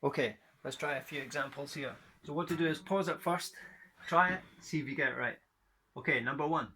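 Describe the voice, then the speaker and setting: A man's voice: on the high side, brisk. A man from Scotland teaching a guitar rhythm lesson, counting in and chanting rhythm words in time.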